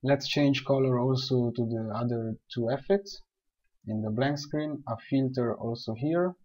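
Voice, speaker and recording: A man calmly explaining software steps one by one in a screen-recorded tutorial. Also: mid-range voice, unhurried. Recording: dull lo-fi voice recording.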